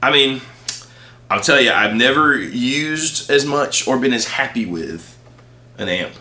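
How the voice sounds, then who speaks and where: A man's voice: mid-range voice, lively intonation, measured pace, sharp tone. A man co-hosting a guitar shop livestream, talking casually in rambling sentences full of fillers. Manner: rambling, filler-heavy, laughs often. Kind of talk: casual chat.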